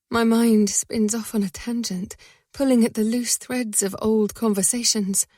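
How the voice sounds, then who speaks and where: A woman narrating a first-person romance audiobook in a soft, breathy voice that often sinks to a whisper. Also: medium pitch, fairly even intonation, measured pace, no echo, studio quality.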